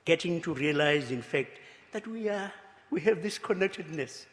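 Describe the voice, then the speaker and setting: A South African archbishop giving a luncheon speech, halting and repeating words, swinging between hushed remarks and exclamations with chuckling asides. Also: male voice, fairly high pitch, expressive. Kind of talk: after-dinner speech. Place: luncheon banquet hall. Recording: reverberant banquet hall.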